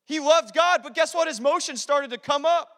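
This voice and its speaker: High-voiced pastor in an echoing hall. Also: male voice, a little fast. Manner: energetic, conversational, repeats phrases. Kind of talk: sermon. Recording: long hall reverb.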